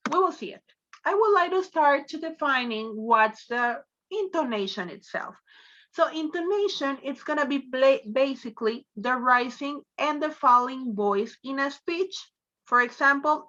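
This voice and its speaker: A Spanish-speaking woman gives an online English lesson, explaining carefully and switching into Spanish now and then. Her voice is high and bright. The audio is dull and lo-fi, like a video call. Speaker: English teacher. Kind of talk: online class lecture.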